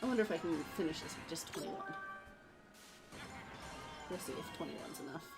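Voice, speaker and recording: A woman's voice: low-pitched, normal speed, vocal fry. A woman co-hosting a casual gameplay stream, teasing her co-host and talking to herself as she plays. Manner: teasing, laughing, talks to herself while playing. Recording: game music behind the voice. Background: game music.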